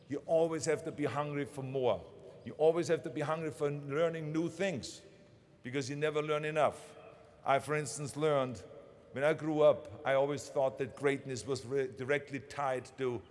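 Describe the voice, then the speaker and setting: A man's voice: a little high, in a large hall, a little hiss or hum. A man in his sixties with a German accent, giving a motivational commencement speech, emphatic and driving his points home by repeating phrases. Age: 60s. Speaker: commencement speaker. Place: large ceremony venue.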